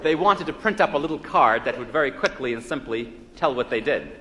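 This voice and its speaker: Lively joking male lecturer in a hall. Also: medium pitch, a little fast. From United States. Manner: joke-telling, quizzing the audience with rhetorical questions. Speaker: psychologist lecturer. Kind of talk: humorous live lecture. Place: lecture hall before an evening audience. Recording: 1961 live lecture LP with hall reverb and faint noise.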